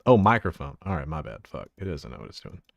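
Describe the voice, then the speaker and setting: A low-voiced man on a livestream, talking loosely and profanely while he tinkers with his setup. His pitch swings widely and he laughs easily. The sound is dry and close, with no room around it. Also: sing-song, quick pace, vocal fry, no room sound, dull audio. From Central Texas. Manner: loose and profane, laughs often, talks while fiddling with settings. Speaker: livestreamer showing his avatar model. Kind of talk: casual livestream chat.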